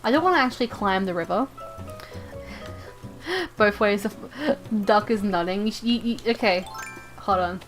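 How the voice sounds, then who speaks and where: A woman's voice: mid-range voice, expressive, unhurried, long pauses, soft background music. A woman streamer chatting casually to her viewers while she plays, rambling and playful, often stumbling and repeating her words. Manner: playful, talks to viewers and game characters. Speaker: live streamer. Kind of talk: casual live-stream chat while gaming.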